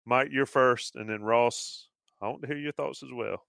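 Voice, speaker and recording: A man's voice: mid-range voice, creaky, dry recording, clean studio sound. Laid-back male sports radio host. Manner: relaxed, halting, lots of fillers. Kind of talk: casual sports talk.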